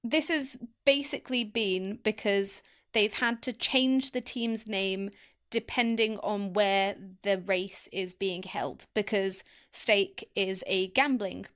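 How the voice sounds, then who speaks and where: A woman co-hosting a casual podcast with a smooth, clear voice at a middle pitch. She explains steadily and drops dry asides. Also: steady tone, takes it slowly, a bit bright. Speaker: podcast co-host.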